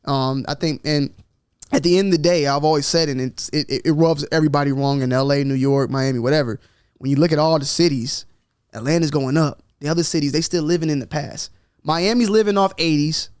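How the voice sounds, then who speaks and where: Brief: slightly higher-voiced man hosting a casual podcast, a bit buzzed, loose and chatty, dry close mic. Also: a little fast, smooth, no echo. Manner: loose, animated storytelling with mimicked voices. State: a little tipsy. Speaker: podcast host. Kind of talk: casual chat.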